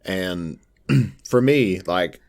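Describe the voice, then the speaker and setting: A co-host with a very low voice and a Southern accent talks casually on a podcast. The delivery is laid-back and loose, with lots of "like". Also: expressive, very slow, darkish tone.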